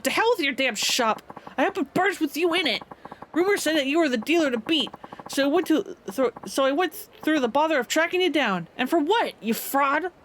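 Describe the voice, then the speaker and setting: A woman's voice: high voice, animated, a little fast, fairly bright tone, a little hiss or hum. A woman voicing a brash, foul-mouthed male yakuza thug with coarse, swaggering street talk, reading game lines aloud.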